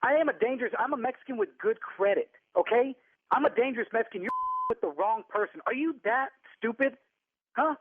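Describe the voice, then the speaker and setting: A man's voice: very high voice, lively intonation, fairly quick, slightly rough, no room sound. A man on a phone call, firing back angry, indignant retorts as the target of a prank. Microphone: telephone. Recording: tinny phone line.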